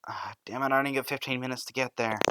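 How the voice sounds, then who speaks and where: A man voicing a hurried, flustered teenage hero boy in a fan storybook reading. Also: mid-range voice, steady tone, background noise, lightly acted.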